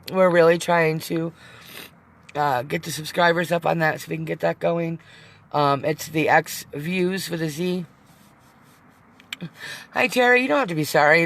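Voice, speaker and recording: A middle-aged vlogger with a lowish, creaky voice rambles through a casual live-stream chat from inside her van. At times she becomes emotional and teary, and some swearing slips in.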